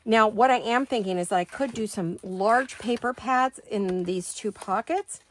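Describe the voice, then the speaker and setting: A woman's voice: medium pitch, moderate pace, a little hiss or hum. A woman in her sixties hosting a craft video from her home studio, chatting in a rambling, think-aloud way. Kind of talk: casual chat while crafting.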